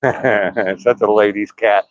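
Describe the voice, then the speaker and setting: A man's voice: lowish voice, fairly even intonation, takes it slowly, no echo, dull audio. An older man talking casually on a live stream while out walking outdoors, joking and laughing at his own remarks. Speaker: vlogger live streaming a walk.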